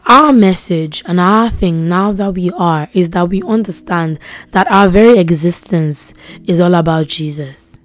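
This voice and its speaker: A young woman hosts a devotional podcast in a lowish, slightly slow voice. She speaks earnestly, repeats phrases, and now and then drops to a soft whisper for emphasis.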